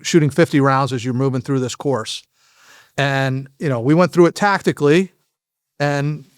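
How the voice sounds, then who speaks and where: A fairly high, clear and resonant male voice belongs to a former FBI agent guesting on a podcast. Speaking frankly, he tells stories but halts and restarts his sentences often; the studio sound is clean, with no room sound.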